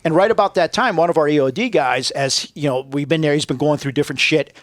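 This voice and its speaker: A man's voice: on the high side, fast. A man telling profane war stories in casual chat, laughing often and acting out what others said. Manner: profane, laughing, acts out quoted voices. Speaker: podcast guest.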